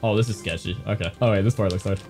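A young man giving excited gameplay commentary, swinging from muttering to yelling. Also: on the low side, rapid-fire, faint music behind. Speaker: gaming streamer.

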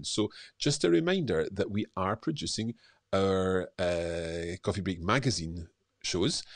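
A middle-aged man with a low voice hosts a live stream and chats easily through viewers' comments. He talks in a relaxed way, with plenty of uh and um. The sound is close and dry, with no room around it. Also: no room sound. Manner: relaxed, chatty, with frequent fillers. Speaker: host.

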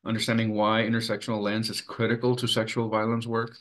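A man presenting a training webinar in an earnest, measured way, with many fillers. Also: fairly low pitch, completely flat delivery, fairly bright tone. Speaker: webinar presenter for a sexual assault coalition.

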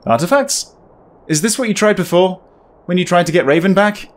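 A man's voice: sits high, expressive, moderate pace, voice pushed up. A man reading aloud a game's guilt-ridden husband, pleading in a raised voice. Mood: anxious. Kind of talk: reading game dialogue aloud.

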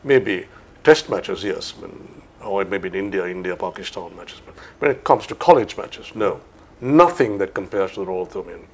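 An older Sri Lankan man, a veteran cricket commentator, reminisces in an interview, unhurried and full of anecdotes. His deep voice is animated, gravelly and slightly rough.

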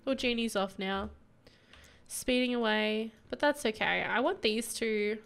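A woman's voice: on the high side, creaky. A young woman giving casual, giggly let's play commentary, gushing over sweet moments in the game with faint game music behind her. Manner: gushing, giggly, easily moved. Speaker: gameplay commentator.

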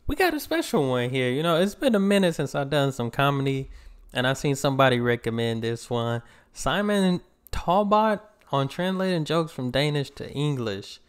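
An American man hosting a reaction video, chatting in a relaxed, slangy way. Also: medium pitch, normal speed, clean tone. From United States. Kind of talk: casual reaction commentary.

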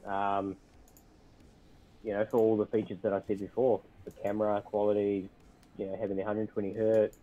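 A man's voice: lowish voice, little pitch movement, normal speed, pauses often, narrow, tinny audio. A man hosting a casual gaming livestream, upbeat and fond of dad jokes. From Australia. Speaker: livestream host.

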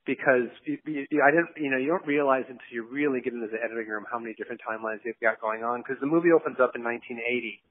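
A man's voice: mid-range voice, racing, hardly any pauses, a little hiss or hum. A male film director as a guest in a casual interview, rambling, laughing often and acting out quotes. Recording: dry, tinny phone-like audio.

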